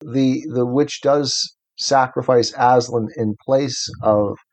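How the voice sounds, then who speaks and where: A man's voice: mid-range voice, steady tone, takes it slowly, a little mellow. Thoughtful man musing aloud. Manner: thoughtful, hesitant, restarts sentences. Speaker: podcast co-host. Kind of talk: casual discussion.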